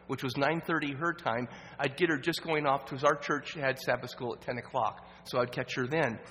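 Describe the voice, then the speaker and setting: A man giving a storytelling sermon at a church evening program, earnest and halting, with restarts, dropping to a hush at the sad parts. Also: a little high. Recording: roomy reverb with faint hum.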